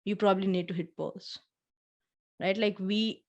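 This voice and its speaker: Woman co-host, earnest and reflective, casual heart-to-heart talk, mid-pitched voice. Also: moderate pace, muffled recording. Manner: earnest, reflective, lively retelling of own feelings. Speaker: podcast co-host.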